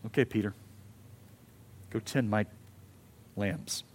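A male pastor voicing a gentle grown man, a teacher calmly questioning his follower. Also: on the low side, slow, voice pushed down.

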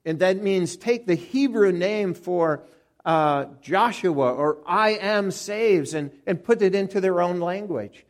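A man with a high voice delivers an expository sermon at an unhurried pace. He restarts and repeats words often, and leans on each quoted phrase. His talk is measured and deliberate. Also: lively intonation, a little mellow. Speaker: preacher.

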